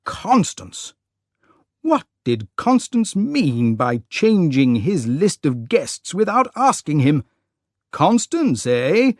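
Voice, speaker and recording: An audiobook narrator reading a classic story slowly and clearly for English learners, with an expressive delivery. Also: medium pitch, dry recording, clean studio sound.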